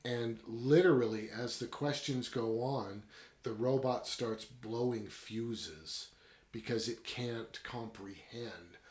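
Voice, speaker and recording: A man's voice: mid-range voice, darkish tone, reverberant. A man casually retelling and reviewing a story in a rambling, conversational way. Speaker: book reviewer. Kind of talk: casual book review talk.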